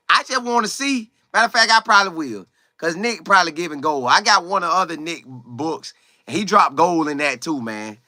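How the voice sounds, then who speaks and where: A man hosting a casual football livestream, greeting viewers by name and talking in animated, quick bursts. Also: on the high side, dry recording, clean studio sound. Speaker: livestream host. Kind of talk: casual live chat about football.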